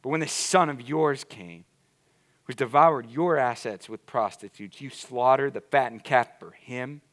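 A man's voice: mid-range voice, a little slow, fairly bright tone, voice pushed down, natural voice. A man voicing a resentful older brother who complains bitterly to his father.

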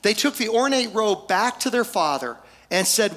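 A male pastor preaching a storytelling sermon, folksy, with humorous asides and pauses for effect. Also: high-pitched, expressive, fairly bright tone.

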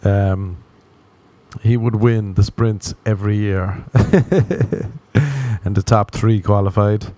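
A man's voice: lowish voice, flat delivery, slow, pauses often, dark tone. A man from Ireland hosting a solo comedy podcast from his apartment, rambling through self-mocking jokes and tangents. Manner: self-mocking, meandering, jokey asides. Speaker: podcast host.

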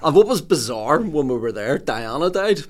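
A man, telling a story in relaxed podcast chat. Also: fairly high pitch, moderate pace. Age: 40s. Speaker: podcast host.

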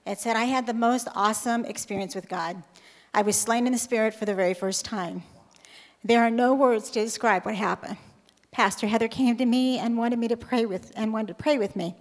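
A woman's voice: a little high, steady tone, normal speed. A woman nervously reading her own testimony aloud in a church, with some hesitation. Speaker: church member giving a testimony. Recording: long hall reverb.

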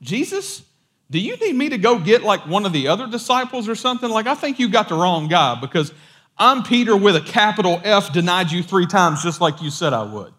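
A man's voice: high-pitched, sing-song, brisk, fairly bright tone, pitched above the performer's own voice. A man putting on the voice of Peter, a flustered disciple full of guilt, talking in a pleading way.

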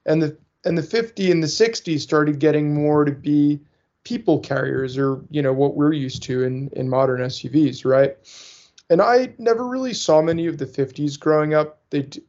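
A male podcast co-host from the northeastern US, his voice a little high and a little mellow, moving at a moderate pace. He rambles through casual chat, full of fillers and restarts, and the audio is muffled and lo-fi.

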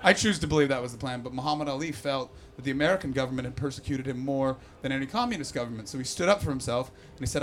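On stage before a live crowd, a man delivers a profane, animated stand-up set and teases the audience. His mid-range voice runs fast with few pauses, and there's a slight hiss or hum on the recording.

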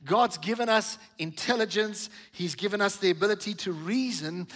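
A man's voice: high voice, fairly bright tone. A middle-aged man preaching a sermon from a church stage, emphatic and calling out to the congregation. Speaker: pastor.

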